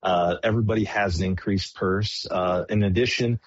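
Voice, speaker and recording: A man's voice: sits low, steady tone, normal speed, no echo. A man, a race track promoter, talking on a radio hotline, hesitant with many fillers and restarts. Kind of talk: phone-in radio interview. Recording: dull phone-line hotline audio.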